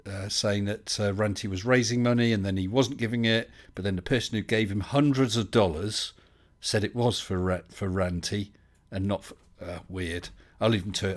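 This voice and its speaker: A man's voice: lowish voice, normal speed. A man, hosting a casual live stream and chatting his way through viewer comments with lots of fillers and restarts.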